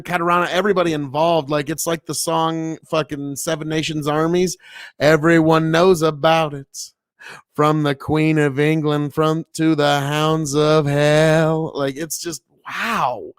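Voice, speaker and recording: Profane, rambling farmer streaming from Nebraska. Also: male voice, on the high side, clean tone, no echo, clean studio sound. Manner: rambling, profane, folksy, many fillers. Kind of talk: casual livestream commentary. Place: inside an old family mill.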